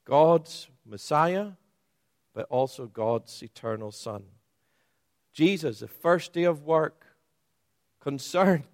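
Slow, emphatic male preacher. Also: lively intonation, no echo, studio quality. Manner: emphatic, rising for stress and dropping low and soft. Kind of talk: sermon.

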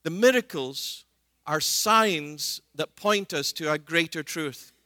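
Bright, earnest male preacher. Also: a little high, takes it slowly, no room sound. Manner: earnest, retells scripture scenes with voiced quotes. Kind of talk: sermon.

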